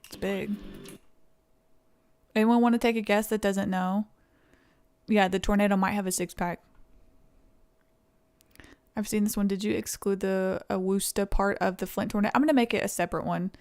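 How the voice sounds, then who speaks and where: A woman's voice: mid-range voice, fairly even intonation, normal speed, long pauses, darkish tone. A young woman from East Tennessee with a Southern accent, chatting casually with viewers on a live stream and thanking them. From East Tennessee, USA.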